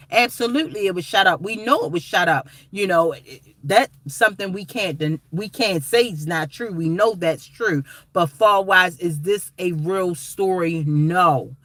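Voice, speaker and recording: Forceful, emphatic woman vlogger. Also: on the low side, dry recording. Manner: emphatic, rambling, addresses viewers as guys and y'all. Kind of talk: casual direct-to-camera commentary.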